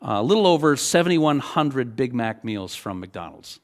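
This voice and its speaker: A middle-aged man preaching a sermon as pastor, talking in a loose, animated, conversational way and often checking in with "okay?". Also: mid-range voice, normal speed.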